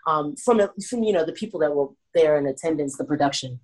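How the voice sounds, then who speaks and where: A young woman with a Washington D.C. accent, a pro wrestler talking casually in an interview, animated and laughing often as she acts out moments. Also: low-pitched, fast talker.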